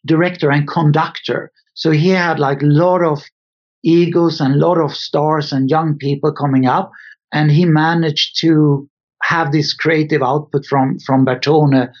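A middle-aged man with a Scandinavian accent, thoughtfully answering interview questions with some hesitations. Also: fairly high pitch. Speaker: guest, car designer. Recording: dull lo-fi audio.

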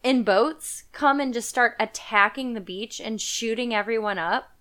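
Unhurried and a bit bright, with a voice on the high side, a woman talks through a movie plot in a casual podcast chat, rambling along with many fillers and laughs.

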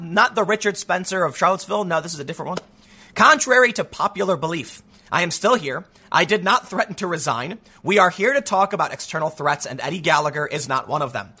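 A man's voice: sits high, pushed and bright, breathy edge. A man hosting a political commentary monologue, reading articles aloud in an incredulous, sarcastic way. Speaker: commentator hosting his own channel.

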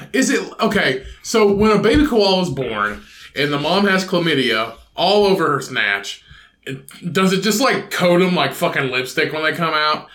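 Man, podcast co-host, casual crude banter, bright tone, roomy echo. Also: a little high, sing-song, normal speed. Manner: crude, jokey, laughs a lot. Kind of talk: casual chat.

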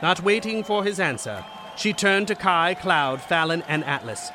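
Expressive male story narrator. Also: sits high, normal speed, crowd noise, noisy background. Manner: dramatic and expressive. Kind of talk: scripted audiobook narration.

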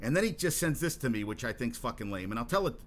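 A man in the middle of a rambling solo podcast monologue, stumbling over his words and cursing freely. His pitch sits in an ordinary middle range. A faint hum of ambience stays behind him. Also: sing-song, quick pace, fairly bright tone. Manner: rambling and profane, with frequent restarts; worked up and emphatic. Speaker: podcast host.

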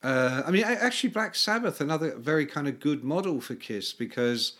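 A man's voice: a little high, lively intonation, brisk, a bit bright. A man co-hosting a casual chat, telling stories with dry, crude humour. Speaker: podcast co-host.

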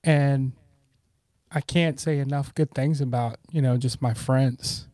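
Middle-aged male guest, warm, relaxed timbre, dry close sound, earnest rambling storyteller. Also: medium pitch, a little slow, no room sound. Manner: rambling anecdotes with frequent "you know"; earnest, grateful tone. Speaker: podcast guest. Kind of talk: conversational storytelling.

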